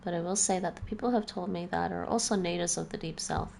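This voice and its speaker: A woman's voice: fairly low pitch, fast talker, vocal fry, a little mellow, a little hiss or hum. A woman streaming a video game, chatting casually with her viewers and laughing often. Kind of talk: casual chat while gaming.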